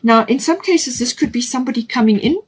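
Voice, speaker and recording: A woman's voice: a little high, expressive, quick pace, breathy edge. A woman giving an unscripted tarot reading, talking with frequent fillers and restarts. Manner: hesitant, many fillers and restarts. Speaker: tarot reader.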